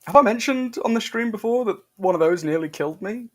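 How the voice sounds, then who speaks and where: A man's voice: high-pitched, expressive, quick pace. A man co-hosting a casual watch-party chat about a film, joking and laughing often. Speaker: co-host.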